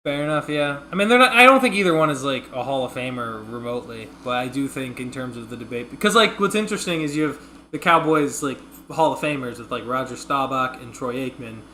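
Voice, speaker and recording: A man co-hosting a casual sports chat show, animated and teasing, laughing often. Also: medium pitch, a little fast, a little hiss or hum. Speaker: podcast co-host.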